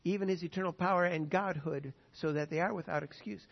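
A man preaching a sermon with an animated, emphatic delivery, often acting out quotes. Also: high voice, a little fast, creaky, hardly any pauses. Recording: dull lo-fi sound with long reverb.

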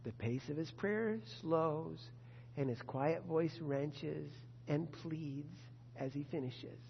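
Man preaching, high voice, husky, earnest and emphatic, long hall echo. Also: slow pace, a little hiss or hum. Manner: earnest, builds to emphatic bursts, reads quotes aloud. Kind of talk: sermon. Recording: dull long-reverb hall sound.

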